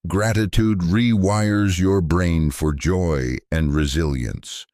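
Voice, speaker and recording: A man delivering a scripted motivational speech in a slow, deliberate, emphatic way. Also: sits low, a little mellow, dry recording, studio quality. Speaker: motivational speaker.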